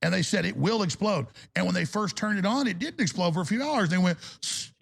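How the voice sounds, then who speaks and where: A male talk radio host delivering a heated, ranting monologue in a gravelly voice. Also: high voice, animated, quick pace.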